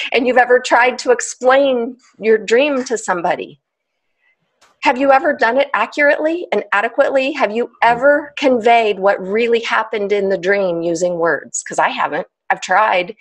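A woman, a trauma specialist explaining ideas as a podcast guest, animated and laughing often. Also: on the high side, normal speed. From United States. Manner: animated, laughs often, acts out inner voices.

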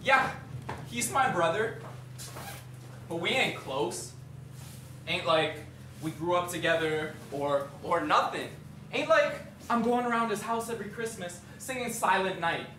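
An actor playing a brash, streetwise young Canadian man who tells a story in slangy speech with shouted bursts, in a stage monologue. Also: high voice, animated, unhurried, slight background noise, exaggerated voice. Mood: swaggering. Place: theatre stage. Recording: echoey stage from far off.

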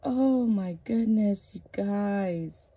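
Her mid-range voice is warm and slightly rough, with drawn-out words, as this reborn doll collector chats casually in a home vlog. Bathing her dolls, she coos, gushes and keeps saying "oh my goodness."

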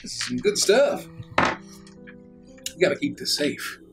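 A man's voice: fairly high pitch, very animated, slow pace, gravelly, loud music behind the voice. A man playing a tabletop game, bantering and giggling with the table. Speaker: player.

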